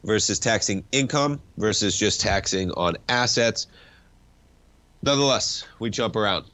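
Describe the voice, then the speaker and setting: A man's voice: fairly low pitch, a little slow, bright, forceful tone. A man hosting a financial talk show, chatting casually about markets with a stuffed-up nose and wry, rambling asides.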